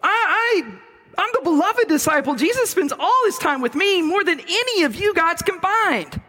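A man's voice: very high-pitched, animated, normal speed, bright, forceful tone, long reverb tail, voice pushed up, heavily acted. A man voicing a fuming young disciple who protests and boasts that he is the greatest. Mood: indignant.

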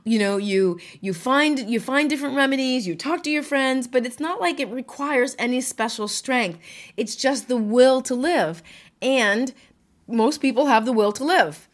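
A woman's voice: sits high, lively intonation, moderate pace. A widow speaking candidly and emotionally about her life, laughing often and swearing now and then. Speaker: widow sharing her story. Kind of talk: candid personal talk.

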